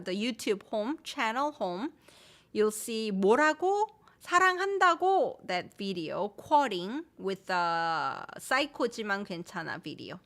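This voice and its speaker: A woman who teaches Korean, her first language, hosts a live-streamed lesson where she blends English and Korean, repeats example phrases, and reads viewer names and comments aloud. Her voice is mid-range and a bit bright.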